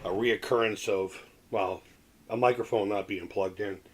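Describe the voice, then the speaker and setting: A man's voice: on the low side, fairly even intonation, normal speed, breathy edge. A middle-aged man hosting a casual live stream, talking in a loose, rambling way with restarts and small chuckles.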